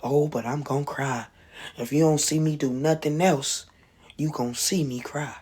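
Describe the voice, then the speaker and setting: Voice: mid-range voice, moderate pace, a little mellow, slightly rough. A vlogger in a personal monologue, talking casually in street slang and preaching fervently about prayer and tears.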